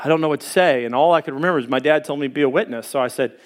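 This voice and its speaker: A pastor preaching a sermon and telling a folksy personal story, acting out the voices of the people in it. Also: male voice, a little high, racing, hardly any pauses. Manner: folksy, animated, acts out quoted voices.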